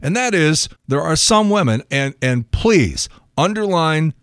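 Middle-aged male podcast host, indignant storyteller, lively slightly high voice, dry close mic. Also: a little slow, smooth, no room sound. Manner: indignant, animated, acts out both sides of arguments. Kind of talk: monologue storytelling.

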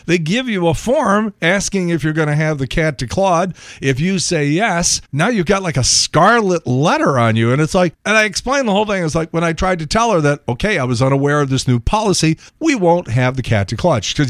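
A middle-aged man telling a long story in a monologue, indignant and animated, acting out both sides of an argument. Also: on the high side, a little fast, few pauses, no room sound, studio quality. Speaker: podcast host.

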